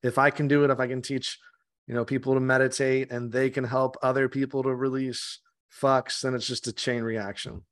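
A man talks in an easygoing, conversational way as a podcast guest. He speaks at a medium pitch, swears freely and often stumbles and restarts mid-sentence. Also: level tone, normal speed, fairly bright tone. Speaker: meditation guide guest. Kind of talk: casual interview chat.

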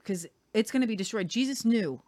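A woman's voice: on the high side, animated, a little fast, a little mellow. A woman co-hosting a Christian show, reading scripture aloud with casual commentary. She reads earnestly and sometimes stumbles and repeats words.

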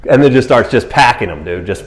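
Animated preaching man in an echoey room. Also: brisk. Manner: animated storytelling, acting out scenes with high excited voices and laughter. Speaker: pastor. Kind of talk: sermon.

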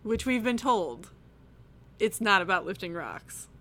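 A middle-aged woman co-hosting a podcast in casual chat with her grown child, animated and quick to laugh, acting out quotes. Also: mid-range voice. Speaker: podcast co-host. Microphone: home computer microphone, remote call.

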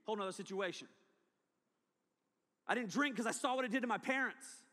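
A man preaching a testimony sermon, telling his story with animated delivery. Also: very high-pitched, fast talker. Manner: animated storytelling, acting out past self. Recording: long hall reverb.

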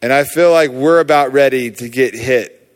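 A man preaching, telling a personal healing story in a casual, animated way with many fillers. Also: medium pitch, moderate pace. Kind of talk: sermon testimony.

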